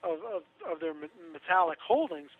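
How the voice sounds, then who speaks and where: A man's voice: fairly high pitch, lively intonation, normal speed, breathy edge. A man talking casually on a radio show, chatty and sarcastic, laughing through his own asides. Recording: tinny phone line.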